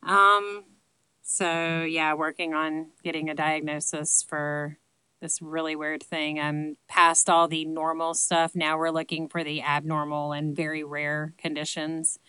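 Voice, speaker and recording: A Southern woman in her late thirties, a vlogger, chats casually to camera while answering viewer questions, rambling and self-deprecating with plenty of ums. Her voice is low, smooth, bright and forceful, with a level, unhurried delivery. There's no echo, but the recording is rough.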